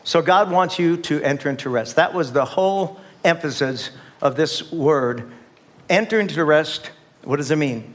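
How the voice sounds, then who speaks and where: A man's voice: on the high side, normal speed. Emphatic older male pastor preaching. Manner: emphatic, repetitive, calls for the congregation's response. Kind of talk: sermon. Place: church sanctuary.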